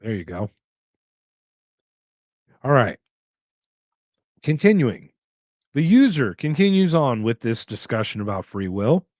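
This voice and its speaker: A man's voice: mid-range voice, sing-song, takes it slowly, long pauses, a little mellow, no room sound. A man hosting a casual podcast livestream, reading chat questions aloud and rambling with jokes and restarts. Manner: rambling, joking, with restarts and movie impressions. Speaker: podcast host.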